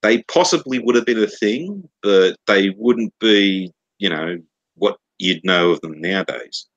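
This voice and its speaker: Deep Scottish male co-host, profane rambling raconteur. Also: a little slow, fairly bright tone, lo-fi sound. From Scotland. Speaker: podcast co-host. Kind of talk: casual banter.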